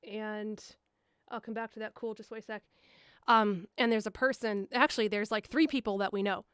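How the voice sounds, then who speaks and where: A young woman voice actor chatting on a live stream, rambling casually with lots of fillers and bursting into higher voices to act out quoted lines. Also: fairly even intonation, moderate pace, a bit bright, smooth, no echo, clean studio sound. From Milwaukee area. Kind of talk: casual live-stream chat answering viewers. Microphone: studio mic, a foot away.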